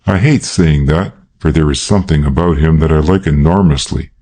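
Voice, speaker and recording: An earnest young man pleading with passion in a classic crime audiobook, as a male narrator plays him. His voice is very deep and dark, with a husky edge. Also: normal speed.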